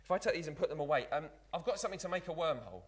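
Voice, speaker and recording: A man's voice: a little high, expressive, very fast, husky. A man playing a cheeky young Victorian apprentice magician, doing a live card trick in chatty patter. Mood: playful. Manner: chatty, patter-filled, keeps saying "look". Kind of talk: live magic act in character.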